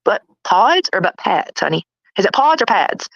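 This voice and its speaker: A woman's voice: medium pitch, big pitch swings, moderate pace, vocal fry, a bit bright, no room sound, highs cut off. A woman hosting a casual livestream chat, taunting and mocking her critics and laughing often. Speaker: livestream host.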